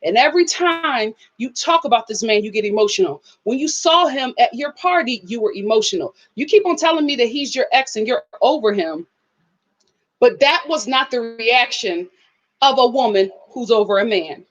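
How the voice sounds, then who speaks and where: A woman voicing a calm young man who questions his girlfriend in a level tone. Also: fairly high pitch, moderate pace, highs cut off. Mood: probing.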